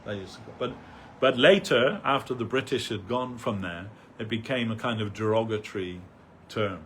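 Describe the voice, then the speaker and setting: A man's voice: on the low side, normal speed, a bit bright, a little hiss or hum. An older man giving a rambling, anecdotal remembrance talk as a devotee speaker at a temple festival, with many fillers, restarts and chuckles.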